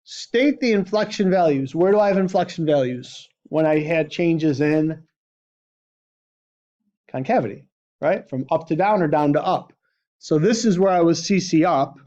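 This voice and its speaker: Here a man with a high voice and a darkish tone lectures a math class. He keeps prompting students with questions like "right?", captured in a dull, lo-fi classroom recording.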